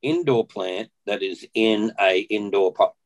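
An Australian man, a podcast guest, earnestly recounting a personal testimony at an unhurried pace and often clearing his throat. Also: on the low side, fairly even intonation, poor audio.

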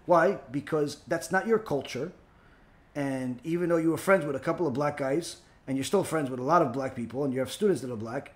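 A man's voice: a little high, fairly quick. A man who is a rabbi, giving an informal spoken lecture, rambling with many fillers and turning emphatic and scolding. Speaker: rabbi and teacher.

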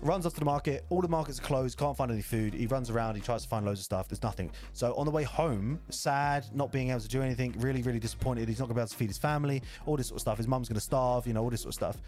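A man's voice: mid-range voice, racing, few pauses, darkish tone, soft background music. A young man telling a rambling childhood story in a casual chat, swearing freely.

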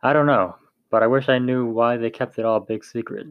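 A man's voice: mid-range voice, steady tone, a little fast, smooth, no echo, phone-quality sound, close to an everyday voice. Man voicing a defiant young warrior woman. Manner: defiant, annoyed.

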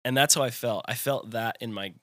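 A man's voice: mid-range voice, fairly quick, fairly bright tone, no room sound, studio quality. A young man in his twenties telling a personal faith story in conversation, rambling with lots of fillers. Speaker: guest.

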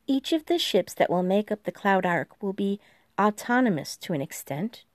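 A woman's voice: mid-range voice, sing-song, moderate pace, dry recording, clean studio sound, close to an everyday voice. A woman voicing a composed female US president who speaks with careful, precise enunciation in an audiobook. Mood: formal, briefing. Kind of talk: audiobook dialogue.

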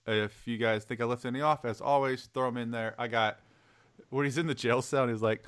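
Guy hosting a movie podcast, bright tone, laughs a lot, acts out lines. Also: medium pitch, fairly even intonation, brisk, smooth. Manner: laughing often, acting out quoted lines. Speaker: podcast host. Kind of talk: casual movie podcast chat.

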